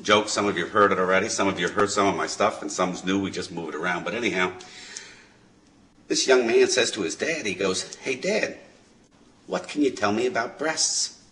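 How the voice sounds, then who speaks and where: A man's voice: low-pitched, brisk, fairly bright tone, slight background noise. A middle-aged man doing rambling stand-up to a live crowd over voice chat. He chats with the audience and laughs at his own jokes. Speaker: stand-up comedian.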